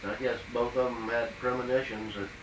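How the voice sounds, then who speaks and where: Quiet off-mic man interviewing. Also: mid-range voice, steady tone, normal speed, distant mic, noisy background. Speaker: interviewer, grandson of the speaker. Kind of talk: oral history interview. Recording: faint voice from off-mic.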